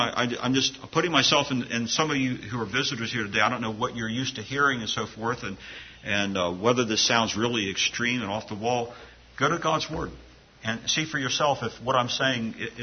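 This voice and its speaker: A man's voice: mid-range voice, brisk, highs cut off, a little hiss or hum. A man preaching a sermon to his congregation in an earnest, conversational way, often restarting his phrases. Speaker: pastor.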